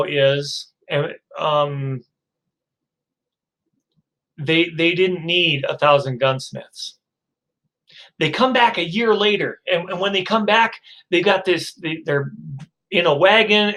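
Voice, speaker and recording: A male professor giving a recorded lecture and telling a story. He speaks slowly and hesitantly, with many fillers, in a bright, slightly high voice. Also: low-quality recording.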